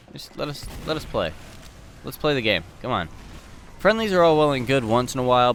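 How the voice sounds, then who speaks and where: A man's voice: fairly low pitch, slight background noise. Laid-back man narrating his own gameplay. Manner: relaxed play-by-play, swears casually. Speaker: gameplay commentator. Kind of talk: voice-over gameplay commentary.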